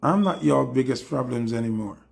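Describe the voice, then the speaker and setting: A man's voice: medium pitch, expressive, fairly quick, creaky, husky. A man with a Jamaican accent giving a heated, taunting commentary monologue, mixing patois with English. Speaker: dancehall commentator.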